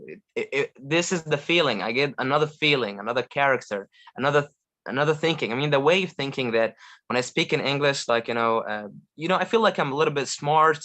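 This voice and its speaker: Eager Egyptian man on a call. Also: medium pitch. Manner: eager, animated, many fillers and restarts. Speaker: guest, language learner. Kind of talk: casual video call chat.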